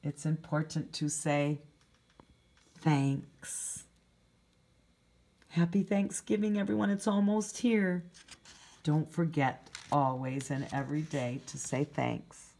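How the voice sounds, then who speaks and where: A preschool teacher reads a picture book to small children, gently questioning them and explaining words. Her voice is low, slow and creaky, and she pauses often.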